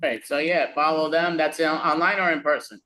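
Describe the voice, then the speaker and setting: A man's voice: fairly high pitch, moderate pace, pushed and bright, poor audio. A man hosting a virtual comedy show over a video call, upbeat as he thanks the performers. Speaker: show host.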